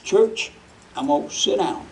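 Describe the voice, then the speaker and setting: A man's voice: a little high, lively intonation, a little slow, a crowd in the background. A man preaching a sermon in call-and-response style, shifting his voice dramatically when he quotes.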